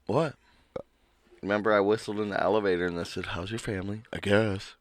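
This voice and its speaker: A man co-hosting a casual podcast, telling a workplace story with lots of swearing and acting out a coworker's yelling. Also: on the low side, fairly even intonation, fairly quick, no echo. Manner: swears freely. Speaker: podcast co-host.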